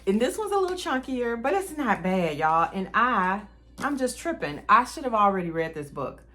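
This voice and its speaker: A woman's voice: mid-range voice, big pitch swings, normal speed, sharp tone. A young woman, chatting to camera about her reading plans in a casual, enthusiastic way. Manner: chatty, enthusiastic, addresses viewers as y'all. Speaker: book vlogger.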